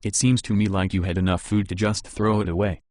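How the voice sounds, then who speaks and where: A man's voice: sits low, flat delivery, brisk, a little mellow, no room sound, clean studio sound, close to an everyday voice. A man voicing a blunt, irritable young woman fighter.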